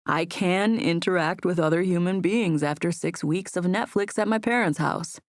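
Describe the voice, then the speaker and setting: A quiet, wry young man, as a woman narrator puts him on, keeping his answers short. The voice drops lower than her narration. The recording is dry and close. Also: normal speed, no room sound, lightly acted. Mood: modest. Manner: understated, modest.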